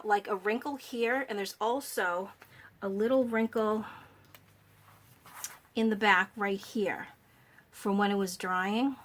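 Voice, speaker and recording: Woman, craft channel host, casual walkthrough, chatty and friendly, talking around a cough drop. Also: mid-range voice.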